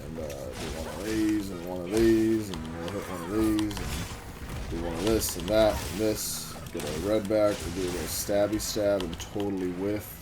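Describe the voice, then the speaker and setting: A man casually telling a story about his job while playing a game, rambling, swearing and making quick asides to the game, and getting over a cough. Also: deep voice. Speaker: gaming vlogger telling a work story. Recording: music playing under the voice. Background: music.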